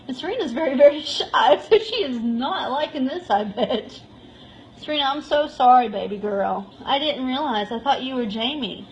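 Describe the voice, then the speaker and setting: A woman's voice: high voice, animated, normal speed, reverberant, a little hiss or hum, low-quality recording. A woman giving a casual live tour of a cat shelter room, talking to the cats in a cooing, laughing way, filmed on a handheld phone. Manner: cooing baby-talk to cats, frequent laughs.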